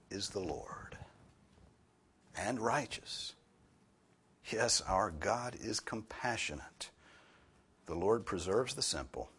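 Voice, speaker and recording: A man delivers a sermon in a somewhat low, husky voice. His pitch moves widely and expressively, and he leans hard on key words before falling to a hushed near-whisper. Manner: emphatic, swings from loud stress to hushed near-whisper. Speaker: preacher. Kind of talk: expository sermon.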